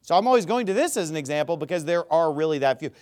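A man's voice: a little high, expressive, racing, darkish tone. A man talking as a Bible teacher in an informal rebuttal, emphatic and casual, often restarting his sentences.

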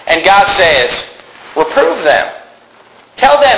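A man delivers a sermon from the pulpit, his voice fairly high and carrying hard at the loud moments before easing into calm reasoning. The room rings with echo, and a steady noise sits under the recording. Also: measured pace. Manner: preaching, swings from shouting to quiet reasoning. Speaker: pastor.

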